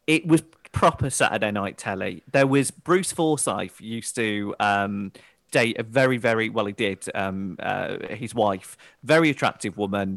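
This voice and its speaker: A man's voice: fairly low pitch, vocal fry, dry recording. Chatty male podcast host, dry sound. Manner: animated storyteller, bursts into quick impressions. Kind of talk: casual chat.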